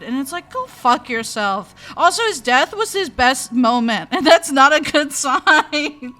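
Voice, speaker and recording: A young adult woman hosting a casual stream, talking in an animated, exasperated way with a lot of swearing. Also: sits high, unhurried. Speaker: streamer host. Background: faint music.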